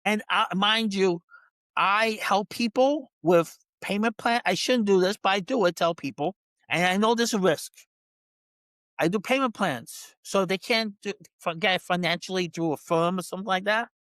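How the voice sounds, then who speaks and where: A man's voice: sits high, moderate pace, a bit bright, dry recording. A man who works as a dog trainer, a podcast guest telling a story in casual talk, full of restarts, who acts out other people's lines. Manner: frequent restarts and repeated words.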